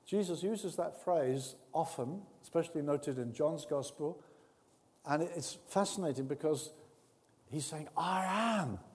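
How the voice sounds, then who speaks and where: A man with a high voice delivers an earnest sermon a little slowly, his words echoing with long reverb through a large hall. He shifts from hushed, close tones to loud, emphatic bursts.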